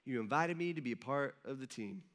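A man's voice: medium pitch, expressive, a little fast, fairly bright tone, voice pushed down, natural voice. A man voicing a subdued male disciple admitting something he once said. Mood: sheepish. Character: sheepish male disciple admitting a past remark.

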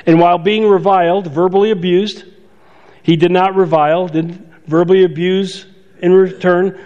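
A pastor giving a conversational sermon, stopping to restart phrases and add asides. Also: male voice, high voice, fairly even intonation, normal speed, darkish tone. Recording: dull sound with long hall reverb.

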